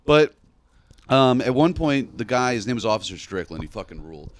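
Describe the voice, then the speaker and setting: A young man, a podcast guest, telling a long story in a casual, animated way and laughing at his own tale. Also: mid-range voice, fairly quick.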